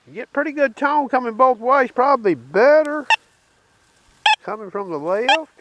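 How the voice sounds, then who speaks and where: Southern guy showing off his metal detector out in a field, high voice, swings up and down a lot, loud noise behind him. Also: expressive, normal speed, muffled recording. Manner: folksy, addresses viewers as boys, keeps asking okay. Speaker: metal detecting channel host. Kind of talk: casual demonstration talk. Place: outdoors at a dig site. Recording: loud outdoor background noise. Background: detector tones and noise.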